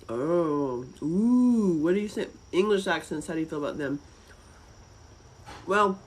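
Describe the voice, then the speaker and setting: A woman's voice: deep voice, slight background noise, low-quality recording. A woman from North Carolina with a Southern accent, chatting casually and rambling on a livestream. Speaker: livestream host.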